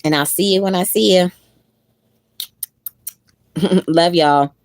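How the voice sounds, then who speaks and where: A woman's voice: on the low side, slow pace, no echo. A woman hosting a casual livestream, chatting to viewers, repeating her thanks and laughing often. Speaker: livestream host.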